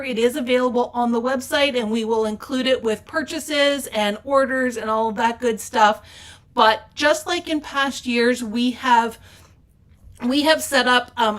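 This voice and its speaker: A woman hosts a casual update for a craft store, talking over slides. Her voice sits a touch high. She chats in an upbeat, easygoing way with plenty of ums and uhs. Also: a bit bright. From Canada. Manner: chatty and upbeat, with fillers. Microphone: off-camera mic with slides.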